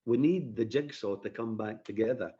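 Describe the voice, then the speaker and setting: A man's voice: fairly low pitch, normal speed, mellow, husky, muffled recording. A man who speaks the Queen's English, a firearms instructor chatting casually as a guest on a live podcast, rambling and laughing easily. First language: British English.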